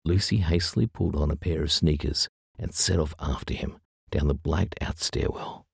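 A man reading a story aloud in measured audiobook narration. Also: extremely low pitch, creaky, a little mellow, breathy edge, no room sound, clean studio sound.

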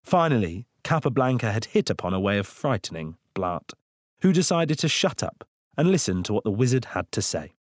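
A man reads a storybook aloud in a slow, expressive way. His voice is low and husky, with a lively, animated pitch. The sound is dry and close to the mic. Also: no echo. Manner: expressive, unhurried reading. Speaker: audiobook narrator. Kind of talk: storybook narration.

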